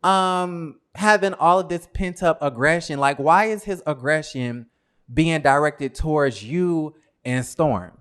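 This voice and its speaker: A man's voice: fairly high pitch, unhurried, a bit bright, smooth. A man hosting a casual interview, asking probing questions and giving many short backchannel replies. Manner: conversational, probing, frequent "mm-hmm" backchannels. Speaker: host, interviewer.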